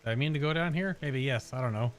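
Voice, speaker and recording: A man's voice: mid-range voice, fast talker, faint music behind. A man casually commenting on his game, joking, reacting aloud and reading quest text. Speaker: let's play host.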